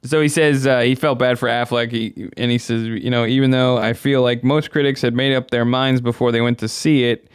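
A man's voice: mid-range voice, steady tone, brisk, few pauses, smooth, no echo, studio quality. A man chatting casually on a podcast, rambling and laughing as he relays what others said. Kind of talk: casual chat.

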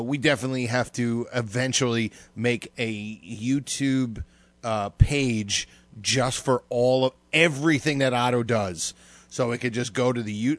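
A man's voice: medium pitch, no echo. Rambling man in a dry studio. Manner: rambling, laughs often, many restarts. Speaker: radio show co-host. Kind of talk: casual chat.

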